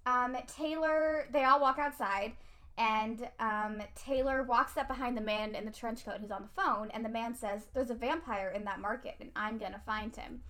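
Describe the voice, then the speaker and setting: A woman's voice: fairly high pitch, normal speed, a bit bright. A young woman casually recapping a movie in a chatty way, laughing often and saying "like" a lot.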